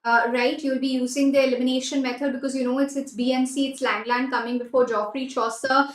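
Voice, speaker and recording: A woman's voice: high voice, little pitch movement, fairly quick, roomy sound, rough recording. A woman with an Indian English accent teaching a live online exam-prep class, mixing Hindi and English and repeating key phrases as she praises students by name.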